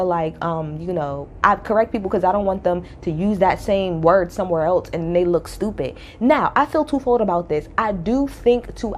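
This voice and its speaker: A woman's voice: mid-range voice, lively intonation, fairly quick, darkish tone, a little hiss or hum. A woman giving casual, opinionated commentary in a reality TV recap, talking bluntly and with sass, repeating her points for emphasis.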